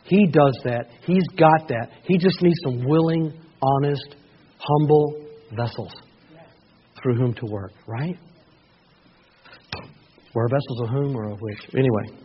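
A man preaching a sermon in a conversational way, with asides, who rises to loud, excited shouting. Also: mid-range voice, measured pace, long pauses, breathy edge. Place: church sanctuary. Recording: dull lo-fi church recording.

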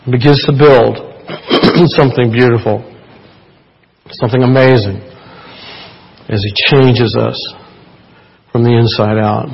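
A man's voice: medium pitch, husky, muffled recording. A man preaching a sermon in a church, chatty and playful, joking with the congregation. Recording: church hall reverb.

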